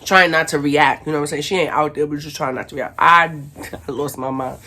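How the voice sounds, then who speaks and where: A woman from Brooklyn, telling a casual storytime to her viewers and acting out the shouting in it. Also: low-pitched, brisk. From Brooklyn, New York. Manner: animated, acts out shouted quotes. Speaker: vlogger.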